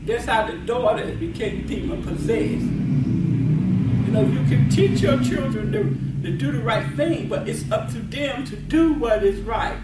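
Woman preacher in a sermon, slow delivery, keeps repeating herself, laughs a lot, roomy far-off sound. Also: on the high side, expressive, heavy background noise. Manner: emphatic, laughs often, repeats and restarts words. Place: meeting venue. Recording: echoey room, voice from far off.

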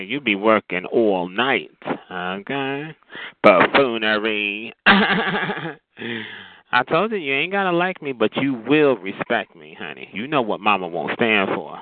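A man's voice: mid-range voice, big pitch swings, measured pace, no room sound. A man delivering a heated, sassy on-air rant, cutting and mocking, calling people honey. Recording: tinny phone-like audio with loud noise.

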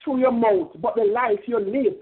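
High-voiced fervent male preacher. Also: moderate pace. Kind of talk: sermon. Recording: tinny phone-like sound.

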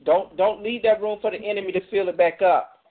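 A man with a slightly higher voice hosts a Bible study call, urging the group on with short, preacherly exhortations. His voice comes through thin and tinny, like a phone line. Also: fairly even intonation, brisk. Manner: encouraging, preacherly, gives exhortations. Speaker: Bible study leader and host. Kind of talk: encouraging church talk on a group call.

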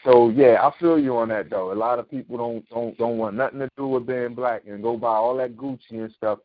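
A man's voice: mid-range voice, fairly even intonation, brisk, no room sound. A man hosting a casual talk show, explaining his views emphatically and often asking "you know what I mean?". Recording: thin phone-like sound.

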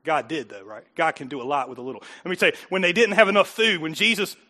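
High, bright-voiced preaching man. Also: quick pace. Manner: animated, joking, acts out voices. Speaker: pastor. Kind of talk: sermon.

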